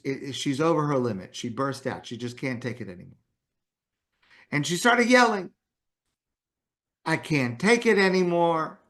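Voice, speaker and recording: A man's voice: fairly high pitch, fairly bright tone. A man giving a morning talk as a rabbi, telling a story in a conversational way. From Canada.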